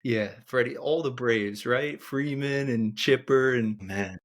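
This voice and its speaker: A man's voice: medium pitch, slow. A man on a casual sports podcast, mostly chiming in with short remarks. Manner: short interjections. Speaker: podcast guest.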